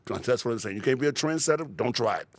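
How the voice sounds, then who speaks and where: A man's voice: medium pitch, animated, fast talker, a little hiss or hum. A man in his sixties chatting as a podcast guest in a laid-back, rambling way, laughing often and peppering his talk with "man". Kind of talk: casual interview chat.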